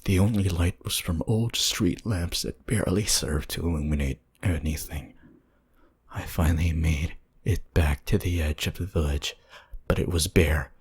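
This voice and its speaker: Deep, husky male storyteller for horror narration, hushed and deliberate.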